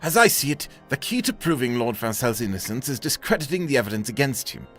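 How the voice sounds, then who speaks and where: A man voicing a courteous, composed nobleman in a video game, speaking in a measured, formal way. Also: mid-range voice, big pitch swings, fairly bright tone, faint music behind.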